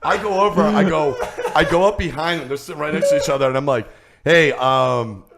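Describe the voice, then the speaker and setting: A man's voice: on the high side, fast talker, a loud crowd. A man, a comedian telling rowdy stories on a casual podcast and acting out the people in them. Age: 30s. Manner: profane, animated storyteller acting out quotes. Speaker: comedian guest.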